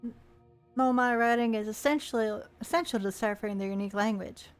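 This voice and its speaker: A woman's voice: on the high side, quick pace, faint music behind. A woman streamer giving playful, chatty gameplay commentary and reading in-game text aloud with joking asides.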